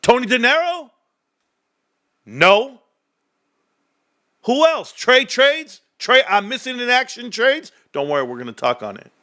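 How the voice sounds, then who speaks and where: A man's voice: very animated, unhurried, long pauses, pushed and bright. A man streaming a casual rant about stocks, trash-talking with bursts of laughter and mock voices. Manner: brash trash-talking, swings between hyped and low muttering.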